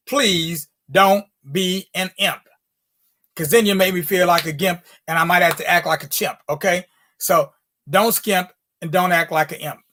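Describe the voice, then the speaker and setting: Playful high-voiced male host. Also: sharp tone. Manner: playful, rhyming, folksy. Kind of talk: casual sign-off.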